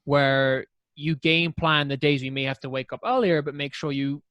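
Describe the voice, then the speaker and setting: A man telling rambling stories on a casual podcast, animated, tossing in squeaky impressions. His voice sits a little high, and the sound is dry and close with no room around it. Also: normal speed, clear, resonant tone, no echo. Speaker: podcast co-host. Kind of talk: casual chat.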